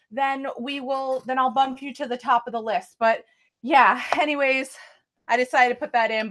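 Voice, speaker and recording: A woman's voice: a little high, fairly bright tone. A woman chatting casually on a live stream, reading out viewer names, thanking viewers and apologizing a lot. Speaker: live-stream tarot reader.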